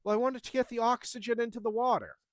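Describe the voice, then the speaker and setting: A woman's voice: on the high side, fairly even intonation, fast talker, darkish tone, no room sound, voice pushed up, natural voice. A man voicing a confused middle-aged woman customer who talks earnestly and keeps pleading her case.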